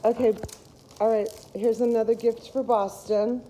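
A woman's voice: a little high, little pitch movement, moderate pace, warm tone, slight background noise, rough recording. A woman hosting a casual family home video at home, coaxing a dog in a sing-song voice. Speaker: host.

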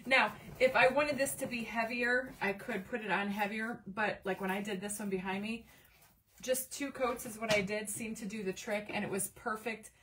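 A livestream craft host works in her home craft room while talking casually with viewers, reading out their comments and leaning on fillers. She speaks at a moderate pace in a steady, slightly bright, mid-range voice, picked up by a distant mic with slight background noise.

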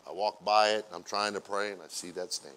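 A man preaching as a pastor, acting out everyday scenes in playful quoted voices and building from quiet asides to loud, drawn-out exclamations. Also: fairly low pitch, steady tone. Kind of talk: sermon.

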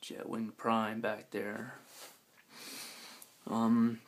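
A man with a scratchy, hoarse voice gives a laid-back, rambling tour of his collection at home, with many ums and casual swearing. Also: on the low side, completely flat delivery, very slow. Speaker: collector giving a room tour.

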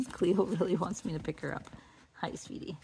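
Gravelly woman dog breeder vlogging. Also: lively intonation, normal speed, background noise. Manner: chatty, coos at the puppies in a high baby voice. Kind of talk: casual vlog, showing puppies. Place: indoors at a puppy pen.

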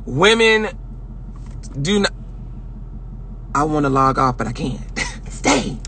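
A man hosting a casual livestream rant, loud and projecting, sassy and profane, laughing often. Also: on the high side, animated, slow pace, a little hiss or hum. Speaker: livestream host.

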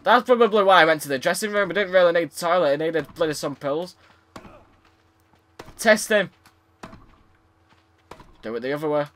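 A man's voice: fairly high pitch, moderate pace, long pauses, fairly bright tone, slight background noise. A young man commentating his tennis game, frustrated, swearing and sarcastic. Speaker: gaming YouTuber. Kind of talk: let's play commentary.

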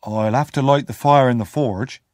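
A gentle blacksmith speaks quietly and plainly, as a male reader plays him. His voice sits near the reader's own, close and dry. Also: medium pitch, normal speed, dry recording, lightly acted. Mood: calm. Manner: quiet, calm.

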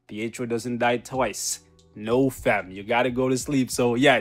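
A man's voice: mid-range voice, moderate pace. Young male gaming host, mid-range voice, casual slang commentary, faint music bed. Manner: slangy, joking, bursts into loud laughs and shouts. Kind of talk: live gameplay commentary.

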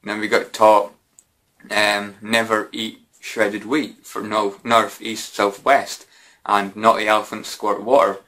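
Chatty man, bright voice. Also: on the low side, flat delivery, takes it slowly. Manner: rambling, lots of "you know" and mild swearing. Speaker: YouTuber answering viewer questions. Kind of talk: casual Q&A chat.

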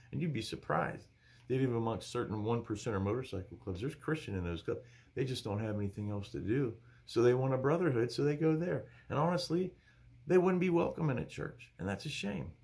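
A male pastor teaching from the Bible in an emphatic, animated preaching style. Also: mid-range voice, a little fast.

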